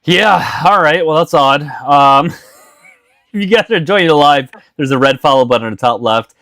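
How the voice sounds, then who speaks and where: A man's voice: a little high, animated, normal speed, fairly bright tone, no echo, studio quality. A man hosting a casual live stream chat, talking bluntly, teasing his viewers and swearing freely.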